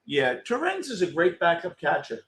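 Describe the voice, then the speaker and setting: Blunt, excitable New man commentating. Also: normal speed. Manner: blunt, excitable, swears freely, reacts to pitches. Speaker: postgame show host. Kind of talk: casual live game commentary with viewers.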